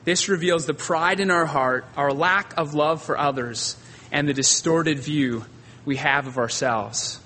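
A male pastor preaching a sermon, telling stories with dramatic pauses and drawn-out emphasis. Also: fairly high pitch, bright, forceful tone, long reverb tail, a little hiss or hum.

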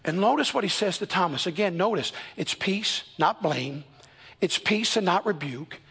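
Husky-voiced man preaching a sermon. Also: high voice, lively intonation, fairly bright tone. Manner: earnest storytelling preacher, shifts between quick and slow emphatic delivery. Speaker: pastor. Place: church.

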